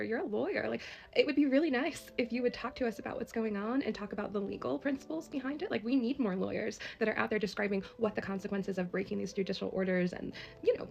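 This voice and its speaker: A woman's voice: a little high, creaky, darkish tone. A woman making an impassioned, emotional direct-to-camera plea as a social media creator, laughing through tears.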